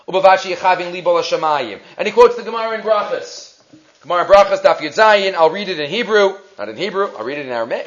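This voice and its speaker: A man teaching a Torah class as a rabbi, reading sources aloud and explaining them with emphatic rhetorical questions. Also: high-pitched. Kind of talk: text-based Torah lecture. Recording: dull lo-fi recording.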